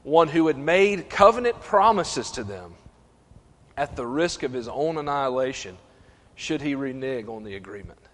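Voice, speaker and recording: A middle-aged man preaching a sermon, animated, stumbling and restarting, acting out voices. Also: mid-range voice, normal speed. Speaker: pastor. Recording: long reverb of a church hall.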